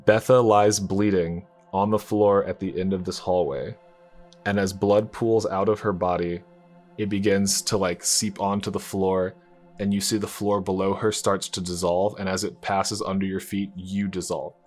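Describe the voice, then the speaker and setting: A man narrating a tabletop game as game master, in a calm, descriptive storytelling manner. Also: low voice, normal speed, soft background music.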